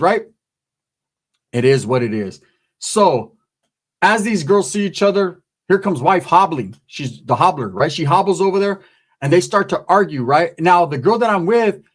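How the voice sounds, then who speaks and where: A man with a high-pitched voice tells a rowdy personal story in loose street slang. He laughs often and slips into quick impressions of the people involved. His delivery stays animated and unpolished. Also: husky. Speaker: channel host and storyteller. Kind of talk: casual storytime monologue.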